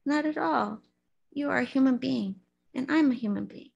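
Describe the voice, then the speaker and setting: A woman voicing a gentle young male hermit who speaks in a quiet, reassuring way while reading a story aloud. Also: high voice, moderate pace, creaky, breathy edge, muffled recording, pitched above the performer's own voice, full character voice. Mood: kind, reassuring. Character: gentle serene young man, a wandering hermit.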